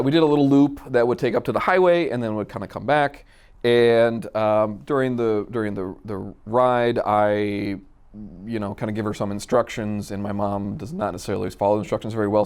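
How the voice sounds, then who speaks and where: Man telling a lively anecdote, lowish voice. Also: a little fast, clear, resonant tone. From Minnesota, USA. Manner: animated, acts out quoted dialogue. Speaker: storyteller guest. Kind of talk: casual anecdote storytelling.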